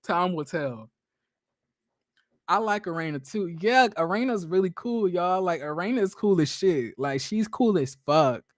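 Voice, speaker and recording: Young male streamer, high voice, dry close mic, rambling gossipy reality-TV commentary full of fillers. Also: expressive, unhurried, dry recording. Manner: chatty, profane, laughing often, many fillers and restarts. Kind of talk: casual reaction commentary.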